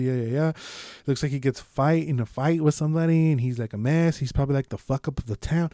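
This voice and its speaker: A man's voice: medium pitch, fast talker, hardly any pauses, mellow, dry recording, studio quality. A man from the United States hosting a solo podcast, talking in a loose, rambling, profane way with lots of restarts. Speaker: podcast host. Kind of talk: solo casual podcast chat.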